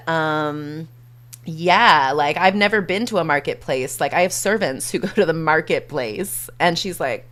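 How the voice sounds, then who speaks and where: A woman's voice: low-pitched, a bit bright. A woman streamer chatting casually and playfully, full of fillers and acted-out quotes while retelling a movie.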